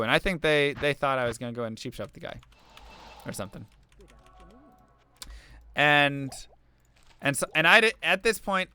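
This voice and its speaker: A man's voice: on the high side, moderate pace, long pauses, pushed and bright, clear, resonant tone. A young man streaming to viewers, talking through an earnest, rambling story full of fillers as he chats. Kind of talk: casual chat while gaming.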